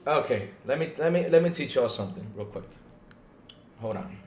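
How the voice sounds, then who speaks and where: A man hosting a casual gaming podcast stream, animated and talking straight to his viewers, often checking in with "right?". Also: mid-range voice, moderate pace, roomy sound, slight background noise. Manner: animated, talks to chat viewers, lots of "right?" and restarts. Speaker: podcast host. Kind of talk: casual livestream podcast chat.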